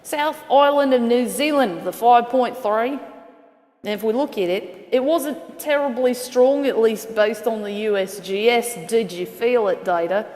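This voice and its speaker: A woman's voice: on the high side, unhurried, a little mellow, big-room sound. A woman hosting a casual weather show, rambling as she thinks aloud and corrects herself mid-sentence.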